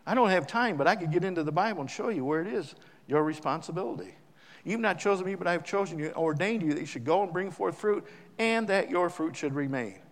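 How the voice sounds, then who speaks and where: Folksy preacher, reverberant hall. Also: male voice, a little high. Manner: folksy, joking, emphatic with sudden loud rises. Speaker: visiting missionary preacher. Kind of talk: sermon. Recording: long church-hall reverb.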